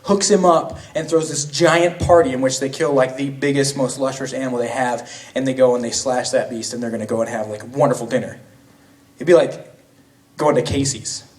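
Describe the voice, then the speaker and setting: Casual young man preaching from afar. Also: mid-range voice. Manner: casual, slangy retelling with many restarts. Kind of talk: sermon. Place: church. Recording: voice from a distance.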